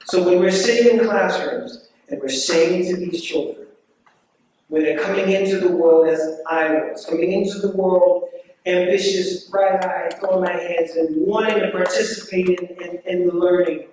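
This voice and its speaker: A man's voice: high-pitched, steady tone, a little mellow, far from the mic, a little hiss or hum. Impassioned man speaking in an echoey hall. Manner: rhetorical, repeating questions, drawn-out stresses. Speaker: guest speaker. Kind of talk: impassioned debate speech. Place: debate hall.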